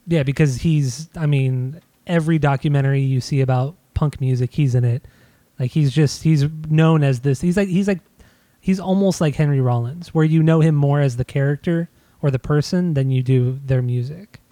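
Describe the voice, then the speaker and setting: Guy on a music podcast, keeps restarting sentences, mellow voice, dry sound. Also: on the high side, moderate pace, dry recording. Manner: insistent, stammering restarts. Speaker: podcast co-host. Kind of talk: casual music discussion.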